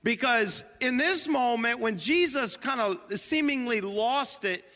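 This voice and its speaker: A middle-aged male pastor with a fairly high voice tells a story in a sermon, joking at his own expense and turning to the congregation as he talks. His voice rings out with a long reverb, as in a large hall. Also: expressive, measured pace, sharp tone. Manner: storytelling, self-deprecating humor, addresses the congregation and his wife.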